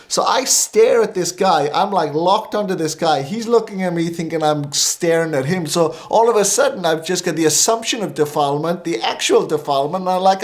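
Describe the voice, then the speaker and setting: A man, a minister, telling a story as a talk-show guest, animated and acting out the lines of people in it. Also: on the high side, normal speed, hardly any pauses. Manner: animated, acting out quoted dialogue.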